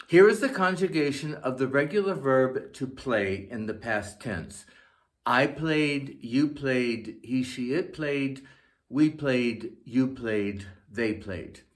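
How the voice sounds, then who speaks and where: A man teaching a scripted grammar lesson, speaking slowly and enunciating each word with care. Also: medium pitch. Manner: slow, deliberate, carefully enunciated. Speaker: language teacher.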